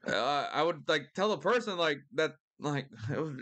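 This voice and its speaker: A young man doing casual live-stream commentary, rambling excitably and swearing a lot. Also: a little high, normal speed, hardly any pauses. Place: lives in a city in Missouri.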